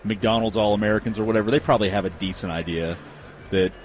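A man's voice: on the low side, fast. Laid-back male sports talk host. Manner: relaxed, conversational, reads listener notes. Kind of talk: casual sports radio chat. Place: loud outdoor spot.

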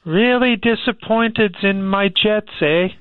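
A man's voice: sits high, slow pace. A man voicing a chatty male Canadian call-in listener, with a put-on Canadian accent and mangled grammar, heard over a phone line. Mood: folksy. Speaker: caller.

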